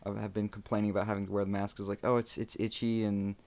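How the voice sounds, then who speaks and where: A man's voice: lowish voice, little pitch movement, quick pace, vocal fry, darkish tone. Hesitant man with dry humor. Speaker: podcast co-host. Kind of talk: casual chat.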